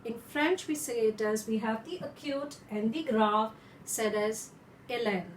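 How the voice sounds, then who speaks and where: A woman French teacher who explains slowly and carefully and repeats her examples. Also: a little high, a little hiss or hum. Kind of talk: instructional lesson. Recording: echoey room.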